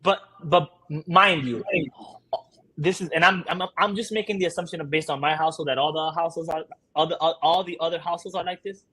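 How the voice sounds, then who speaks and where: A man's voice: on the high side, steady tone, quick pace, bright, forceful tone, slightly rough. A man speaking as a guest, a father talking candidly and laughing through his stories in casual conversation.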